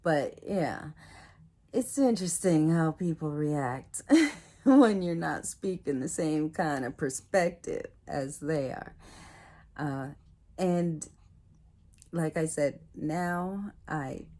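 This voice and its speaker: A woman's voice: sits low, takes it slowly, dark tone. A woman talking casually and reflectively to her viewers, laughing often and acting out what other people said to her. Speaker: video host.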